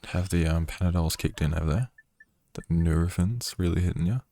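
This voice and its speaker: Very low, croaky-voiced male streamer. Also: fairly quick, mellow, slight background noise. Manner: chatty, jokey asides to viewers. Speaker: game streamer. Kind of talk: casual gameplay livestream commentary. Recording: game music under voice. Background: game music.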